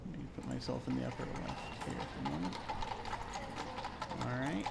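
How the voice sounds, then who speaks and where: Chatty man narrating his gameplay, gravelly. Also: medium pitch, very animated, moderate pace, heavy background noise. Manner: chatty, laughs often, talks to himself. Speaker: game streamer. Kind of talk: casual gameplay commentary.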